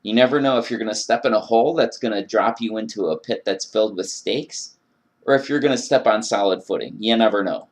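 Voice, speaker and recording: A man's voice: lowish voice, brisk. A man delivering an earnest, emphatic monologue about faith and frustration, acting out his own prayers. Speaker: video blogger. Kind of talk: religious rant monologue.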